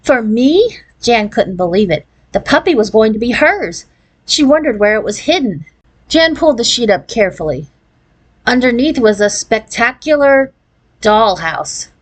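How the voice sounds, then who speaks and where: A woman reading a children's chapter book aloud in an expressive storybook cadence. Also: a little high, moderate pace, poor audio. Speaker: read-aloud narrator.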